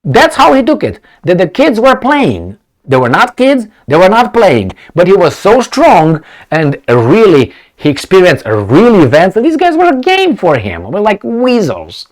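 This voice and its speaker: A man's voice: high voice, huge pitch swings, unhurried. A man giving off-the-cuff political commentary, rambling with restarts and sarcastic asides.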